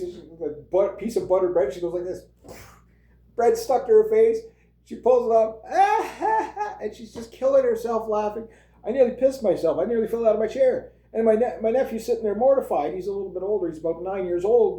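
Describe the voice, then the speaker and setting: Young male vlogger, rambling storyteller, dark timbre, roomy sound. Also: high-pitched, moderate pace. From Canada. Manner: rambling, animated storytelling with laughs. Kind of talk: casual monologue.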